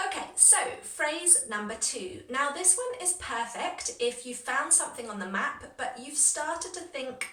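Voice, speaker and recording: A woman leads an English lesson in a bright, slightly high voice, modeling each phrase with clear, exaggerated rises in pitch for learners to repeat. She keeps up a stream of encouragement between the examples. The recording sounds echoey, with her voice set back from the microphone. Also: expressive, measured pace, hardly any pauses. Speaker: English teacher. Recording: echoey room from a distance.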